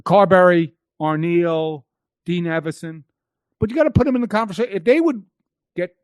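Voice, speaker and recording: A man guesting on a hockey podcast chats casually, rattling on and repeating or restarting phrases. His voice sits high at a moderate pace, recorded with clean studio sound and no room sound.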